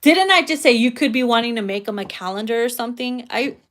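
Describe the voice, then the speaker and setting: A woman's voice: a little high, lively intonation, quick pace, a bit bright. Bawdy, playful woman reading tarot. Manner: bawdy, playful, laughs often, slangy asides. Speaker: tarot reader. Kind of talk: casual tarot reading monologue.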